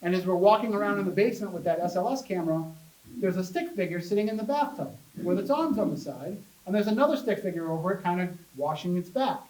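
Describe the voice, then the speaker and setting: A man giving a casual public talk about ghost hunting as a chatty, animated storyteller who jokes with his audience. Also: high voice, fast. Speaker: paranormal investigator giving a talk. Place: public library meeting room. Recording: echoey room, voice from a distance.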